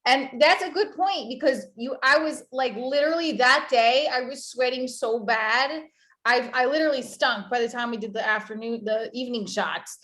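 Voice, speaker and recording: A woman hosting a casual interview, bubbly and quick to laugh. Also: high-pitched, a bit bright, echoey room. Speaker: host.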